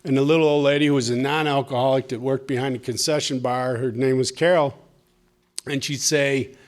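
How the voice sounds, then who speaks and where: In a meeting room with a live audience, a man recounts his recovery in a conversational, humorous way that becomes tender and emotional. He speaks a little fast in a mid-range voice with fairly even intonation.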